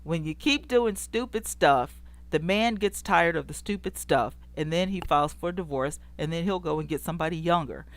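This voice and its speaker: Sassy woman host, low-pitched and dry. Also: dry recording. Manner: sassy and animated, scolding, quick to laugh. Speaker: show host. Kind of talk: casual celebrity gossip commentary, greeting live chat viewers.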